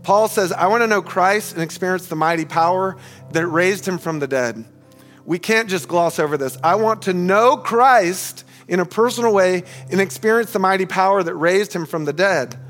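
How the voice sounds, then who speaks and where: A man preaching in a church sanctuary, his voice pitched high for a man. He is earnest and emphatic, repeating key phrases and addressing the congregation as friends. Soft music plays faintly underneath. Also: normal speed. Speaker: pastor. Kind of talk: sermon.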